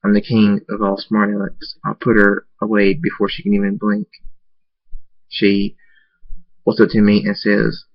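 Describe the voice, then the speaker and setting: A man's voice: lowish voice, monotone, unhurried, no room sound. A man reading his own first-person fan story aloud, often stumbling and repeating words as he goes. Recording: dull lo-fi recording.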